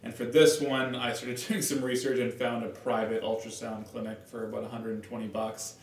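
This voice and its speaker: A man chatting casually about his partner's experience, relaxed and matter-of-fact. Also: fairly quick, far from the mic. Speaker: guest, partner of the storyteller. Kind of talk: casual chat. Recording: echoey room, off-mic, faint rumble.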